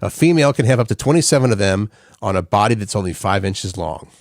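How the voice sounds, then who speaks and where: A man's voice: on the low side, lively intonation, fast, no room sound, clean studio sound. A man co-hosting a morning show, bantering casually and reading out fun facts with playful jokes. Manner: joking, reads facts aloud with playful asides.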